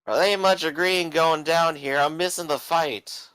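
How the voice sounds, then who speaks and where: A man's voice: fairly high pitch, moderate pace, a bit bright, no echo, voice pushed up, close to an everyday voice, poor audio. A man voicing a rowdy drunk man who slurs his words as he leans out a window. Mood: drunken. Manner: slurred, gruff, boozy.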